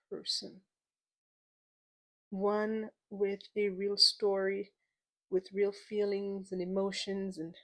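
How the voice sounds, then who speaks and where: A young adult woman hosting her own podcast, chatty, playful and a little emotional, repeating words for emphasis. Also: medium pitch. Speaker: podcast host. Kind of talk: casual solo podcast monologue.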